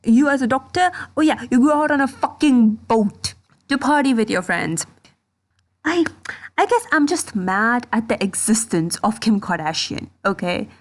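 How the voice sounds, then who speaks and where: Brief: female YouTuber, angry profane rant, voice sits a bit high. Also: expressive, moderate pace. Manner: heated, indignant, heavy swearing. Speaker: commentary YouTuber. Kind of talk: ranting commentary vlog.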